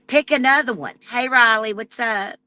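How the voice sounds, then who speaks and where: A woman's voice: fairly high pitch, moderate pace, sharp tone, dry recording. A woman livestreaming an angry, profane rant straight at a rival. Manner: profane and confrontational, addressing a rival directly.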